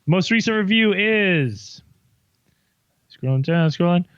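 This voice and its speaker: A man's voice: high-pitched, lively intonation, slow pace, smooth, dry recording, lo-fi sound. A man co-hosting a casual podcast, easygoing and reading listener reviews with dry asides. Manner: laid-back, reads listener reviews aloud with dry asides. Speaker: podcast co-host.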